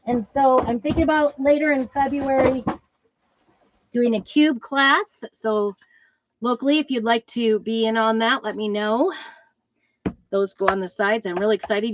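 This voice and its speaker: With a fairly high voice, a woman rambles cheerfully through a show-and-tell vlog of her new craft designs, scattering ums and asides along the way. She mentions being a trumpet player and gets picky about instrument details. Slight background noise sits under the dull, slightly lo-fi, dry recording.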